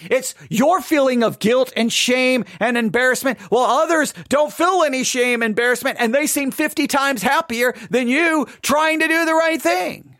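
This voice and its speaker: At a normal speed with few pauses, a man with a very high, fairly bright voice reads scripture aloud for a devotional Bible study. He then explains it in a conversational way, occasionally acting out the proud and the doubter from the passage. The recording is dry and studio quality.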